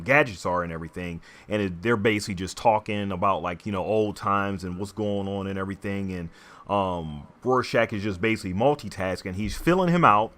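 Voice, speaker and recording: A young man co-hosting a podcast, talking haltingly with lots of ums and restarts. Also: low-pitched, fairly bright tone. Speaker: podcast co-host. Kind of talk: casual chat.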